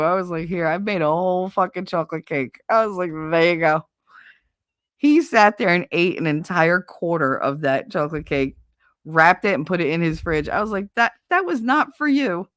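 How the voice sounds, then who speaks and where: A woman's voice: low-pitched, no echo, clean studio sound. A woman hosting a livestream, telling blunt, profane anecdotes with frequent laughter in casual chat. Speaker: livestream host.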